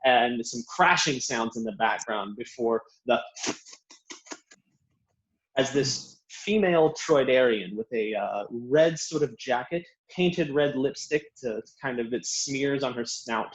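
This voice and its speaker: A man's voice: mid-range voice, slow. A man as game master, narrating a tabletop game scene in descriptive detail with many fillers. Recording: dull lo-fi recording.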